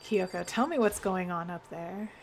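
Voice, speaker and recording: A woman's voice: on the low side, moderate pace, creaky, a little hiss or hum. A woman reading the lines of an earnest, hopeful teenage boy from a game, in her ordinary voice. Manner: plain read-aloud delivery.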